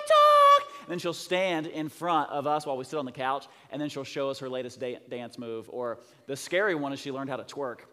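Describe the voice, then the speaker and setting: A man in his thirties preaches from the stage with a fairly high voice, telling personal family stories. He drops to near murmurs and then bursts out loud, acting out the dialogue. His voice rings with a long hall reverb. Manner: animated storyteller, acting out family dialogue, swings from soft to loud. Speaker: pastor. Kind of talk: sermon storytelling.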